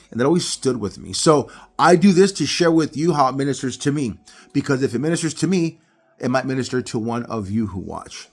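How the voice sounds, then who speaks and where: A man's voice: mid-range voice, fairly quick. A man giving a casual Bible study talk to viewers, telling stories animatedly. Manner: animated storyteller who acts out scenes.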